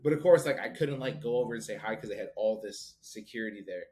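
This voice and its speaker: A man in his thirties tells a story on a casual podcast, acting out each person he quotes. His voice sits a little low. He sounds relaxed and chatty with his co-host. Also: fast, a little hiss or hum. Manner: animated storyteller, acts out quoted people. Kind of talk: casual chat.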